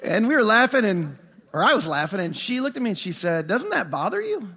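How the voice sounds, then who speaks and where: Man, pastor, storytelling sermon, animated, high bright voice, reverberant hall. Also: fast. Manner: animated storyteller, acts out dialogue.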